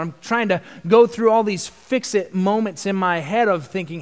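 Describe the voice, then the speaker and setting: A man preaching a sermon in an earnest tone, swelling into loud emphasis. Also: sits high, fairly even intonation, a little fast, hardly any pauses, clear, resonant tone. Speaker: pastor. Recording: long church reverb.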